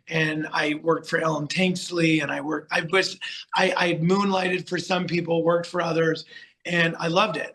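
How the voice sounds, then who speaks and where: A middle-aged man tells stories as a podcast guest, rambling and animated with plenty of fillers. His voice sits a little high and sounds bright and forceful. He comes from the United States. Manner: chatty, animated storyteller with many fillers and restarts. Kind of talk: casual storytelling interview.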